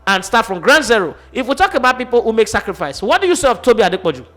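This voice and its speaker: Fast-talking Nigerian man, forceful and emphatic. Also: extremely high pitch, big pitch swings. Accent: Nigerian English. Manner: forceful, emphatic, rhetorical questions. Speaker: sports talk host. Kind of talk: opinionated sports talk.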